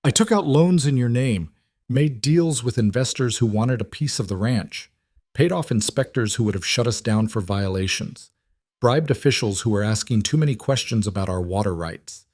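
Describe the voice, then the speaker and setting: A man's voice: medium pitch, animated, moderate pace, darkish tone, no room sound, close to an everyday voice. Guy doing a panicky pleading ranch bookkeeper, voice climbing up, dry close sound. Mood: desperate. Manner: pleading, voice rising. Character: desperate older male ranch bookkeeper.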